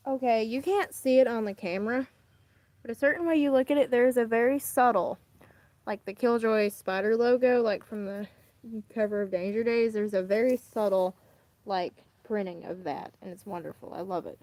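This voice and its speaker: A young woman chatting casually as she unboxes items for her vlog, rambling and often trailing off quietly at the ends of her thoughts. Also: fairly high pitch, moderate pace, no echo. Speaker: vlogger.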